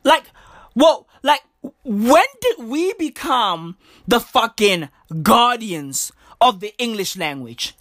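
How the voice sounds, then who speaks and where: A woman's voice: fairly high pitch, big pitch swings, takes it slowly, a bit bright, dry recording, studio quality. A woman giving crude, mocking comedic commentary in slangy talk. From South Africa.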